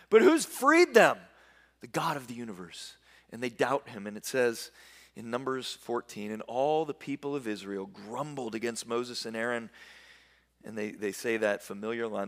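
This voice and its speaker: A man preaching a sermon, retelling scripture as lively storytelling and voicing the people in quick asides. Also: fairly high pitch. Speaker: pastor.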